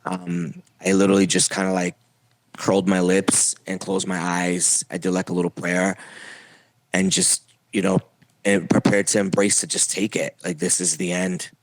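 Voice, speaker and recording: Young adult man, low voice, halting speech with many fillers, dry close sound, podcast guest. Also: little pitch movement, no echo. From Puerto Rico. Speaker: interview guest. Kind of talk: personal testimony.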